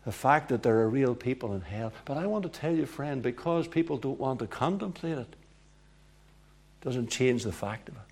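A man preaching a sermon, emphatic and repetitive, swinging from hushed passages to loud ones. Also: mid-range voice, lively intonation, normal speed, slightly rough.

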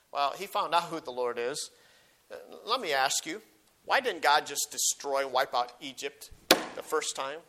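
A man's voice: fairly high pitch, expressive, moderate pace, pushed and bright. A man preaching a sermon, reading scripture aloud with rising emphasis and explaining it, often restarting and repeating words.

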